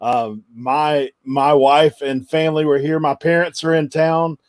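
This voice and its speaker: Casting: middle-aged man, slightly high voice, dry close sound, chatty guest telling a find story. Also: level tone, measured pace, no echo. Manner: chatty, laughs through his story. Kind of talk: casual storytelling.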